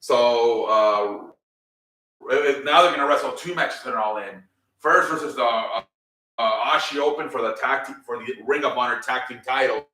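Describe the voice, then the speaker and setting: A man talks through last night's wrestling in a loose, rambling way, full of "um" and casual swearing. His voice is bright and forceful. He sits back from the mic in a roomy space, so his words echo. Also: mid-range voice, moderate pace, distant mic. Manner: rambling, filler-heavy, swears freely. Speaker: wrestling show recap host. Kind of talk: casual spoken recap.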